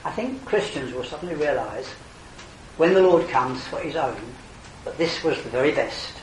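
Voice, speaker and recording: An older man preaching an earnest evangelistic sermon, his voice swelling to emphatic calls and then falling quiet. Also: on the high side, animated, moderate pace, slight background noise. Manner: earnest, rising to emphatic exclamations then dropping soft. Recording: roomy hall, distant mic, faint ambience.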